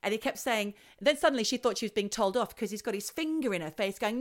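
Animated woman telling a story on a chat show. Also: fairly high pitch, fast, hardly any pauses. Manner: animated, chatty, acts out quotes. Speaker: podcast host.

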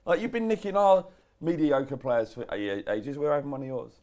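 A man's voice: medium pitch, moderate pace, a little mellow. A hungover man co-hosting a casual podcast, ranting animatedly and swearing as he argues. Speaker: podcast co-host. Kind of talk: casual banter.

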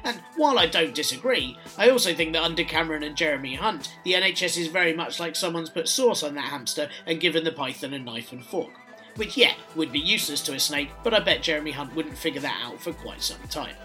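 A man's voice: on the high side, expressive, fast, pushed and bright, faint music behind. A man with a British accent delivering a scripted satirical monologue in a sardonic, dry, mocking way. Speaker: satirical news presenter.

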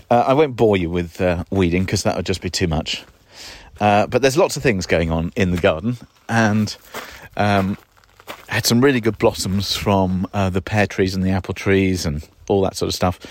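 A man's voice: deep voice, dry recording. A man hosting a podcast, giving a casual walk-through of his garden outdoors with wry, self-deprecating asides and a slightly breathless edge. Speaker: podcast host.

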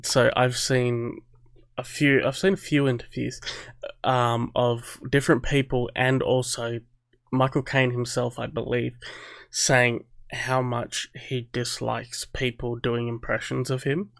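A man with a gravelly, creaky voice chats on a podcast, animated and quick to laugh, with lots of "like" in his talk. The recording is dry and close. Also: medium pitch, no room sound. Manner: animated, laughs easily, says "like" a lot. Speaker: podcast co-host. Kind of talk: casual chat.

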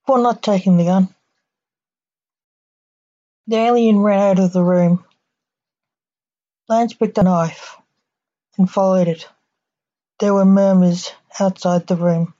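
Slow, mellow woman storyteller. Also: mid-range voice, fairly even intonation, lo-fi sound. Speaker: podcast storyteller. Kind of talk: reading a short story aloud.

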